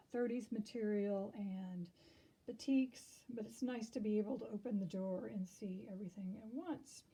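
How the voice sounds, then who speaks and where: A middle-aged woman giving a casual tour of her sewing room, chatty and relaxed, with frequent ums, her voice slightly hoarse. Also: on the high side, poor audio.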